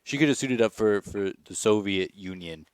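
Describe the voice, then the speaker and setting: Male podcast co-host, wry joker, fairly low voice, dry close sound. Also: animated, moderate pace, clean tone, no room sound. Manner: wry, joking, repeats words. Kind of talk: casual sports chat.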